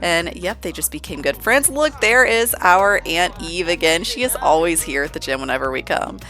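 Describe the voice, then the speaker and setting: A woman's voice: lowish voice, lively intonation, normal speed, sharp tone, faint music behind. A young woman giving chatty, bubbly commentary as she plays a life-sim game. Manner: chatty, bubbly, filler-heavy. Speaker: game let's-play host. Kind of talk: casual gameplay commentary.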